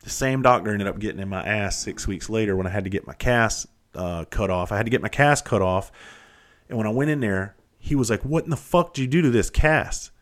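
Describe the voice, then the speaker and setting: Fairly low in pitch yet a bit bright, this middle-aged podcast host talks fairly quickly. His casual monologue recounts his own history in blunt, profane, self-deprecating stories.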